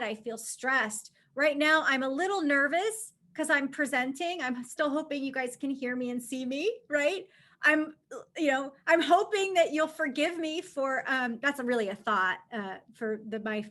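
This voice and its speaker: Woman, high voice, leadership coach, live webinar, conversational, audience check-ins. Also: pushed and bright. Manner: chatty and conversational, with frequent "right?" check-ins. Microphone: camera mic facing the presenter.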